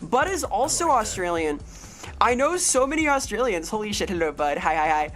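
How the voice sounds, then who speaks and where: A woman's voice: mid-range voice, big pitch swings, moderate pace, a bit bright. Playful swearing woman game streamer. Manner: playful, rambling, swears freely, greets chat members. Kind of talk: live game streaming chat.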